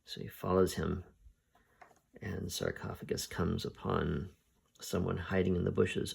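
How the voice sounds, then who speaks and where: Male host, husky and gravelly, casual halting plot recap. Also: sits low, little pitch movement, darkish tone. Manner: unhurried, halting, thinking aloud. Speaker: podcast host reviewing comics. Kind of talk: casual spoken retelling of a story.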